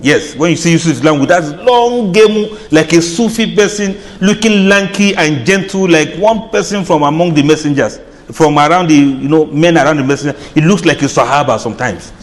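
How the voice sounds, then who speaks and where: A man giving an informal religious lecture, chatty and often laughing, playing out reactions with soft drawn-out sighs. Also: fairly high pitch, in a large hall. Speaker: Islamic lecturer. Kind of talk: informal sermon.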